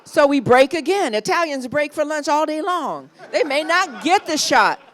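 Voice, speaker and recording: A woman at a film Q&A tells an animated story. Her voice sits fairly high, and she acts out the people in her tale as she goes. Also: moderate pace. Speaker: guest at a film Q&A. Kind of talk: animated anecdote telling.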